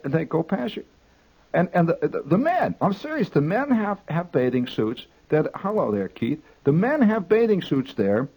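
A man telling a rambling, exaggerated comic anecdote, halting with restarts and repeats. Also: sits high, breathy edge, low-quality recording. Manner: animated, exaggerating storyteller.

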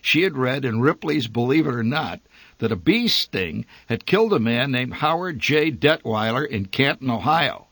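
A man reading a humorous memoir story aloud, with a wry, dry and lively delivery. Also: medium pitch, normal speed, no room sound. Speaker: narrator.

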